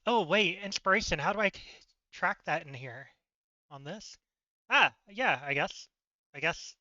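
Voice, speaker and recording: A chatty man on a live tabletop stream, giggling and poking fun at himself. His voice is high and very bright. The sound is dry and slightly dull, like lo-fi audio. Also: animated, unhurried, no echo. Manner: giggly, self-deprecating, chatty. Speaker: solo campaign player.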